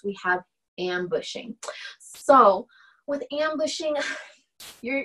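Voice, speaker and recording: A woman's voice: on the high side, low-quality recording. Conversational woman giving a casual lecture. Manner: conversational, often checks in with "right?"; acts out example dialogue in animated voices. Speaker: instructor.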